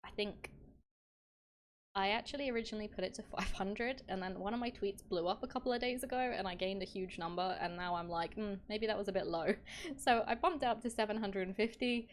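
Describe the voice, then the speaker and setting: Woman, streamer, casual live chat, frequent laughs, stumbling restarts, mid pitch, faint background noise. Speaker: VTuber streamer.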